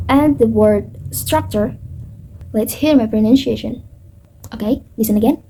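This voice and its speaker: A young woman with an Indonesian accent reads out her pronunciation feedback for a class presentation, pausing often with fillers. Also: fairly high pitch, mellow, slight background noise, poor audio. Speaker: student presenter.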